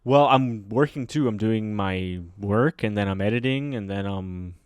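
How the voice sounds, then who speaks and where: A Canadian man co-hosts a podcast, chatting casually and telling stories in a rambling, hesitant way packed with fillers. His voice sits fairly low and moves a little slowly, smooth and clear in a dry, studio-quality recording.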